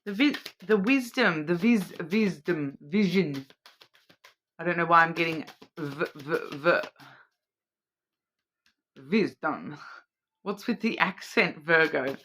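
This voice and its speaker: A woman's voice: lowish voice, animated, unhurried, a bit bright, a little hiss or hum. A woman giving a weekly oracle card reading as host, musing aloud, repeating words as she searches for meaning, and checking in with the listener. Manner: addresses the listener directly, checking in with "okay?". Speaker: card reader.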